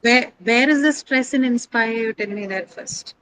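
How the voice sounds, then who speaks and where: In a classroom, a woman teacher runs a pronunciation lesson, her voice pitched on the high side, a bit bright, and moving at a moderate pace. She works through each point step by step, questioning her students, hesitating on fillers and fixing her own slips. The audio is poor, with a faint hum of ambience behind her.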